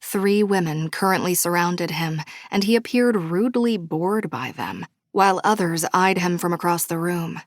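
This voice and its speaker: A woman narrating a romance audiobook in first person, bubbly and expressive. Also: fairly low pitch, moderate pace, few pauses, no echo, clean studio sound. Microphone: studio microphone.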